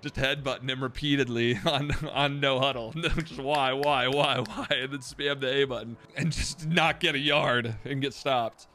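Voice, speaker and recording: A young man giving loud, profane, self-mocking commentary while streaming a football video game. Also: mid-range voice, steady tone, moderate pace, hardly any pauses. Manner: profane, self-mocking trash talk with sudden outbursts. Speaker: gaming streamer. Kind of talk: live gameplay commentary.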